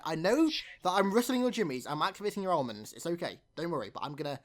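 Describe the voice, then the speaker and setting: A man's voice: on the high side, sing-song, fast, few pauses. A man in a casual podcast debate, making teasing, mock-grandiose claims. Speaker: podcast guest.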